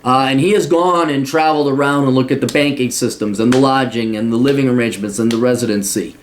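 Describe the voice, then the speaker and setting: A middle-aged man holds forth in a loose, rambling monologue, blunt and profane. His pitch sits in an ordinary middle range. He now and then leaps up into a shrill mocking voice to quote someone. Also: fast, slight background noise. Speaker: podcast host answering a listener request. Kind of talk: casual monologue.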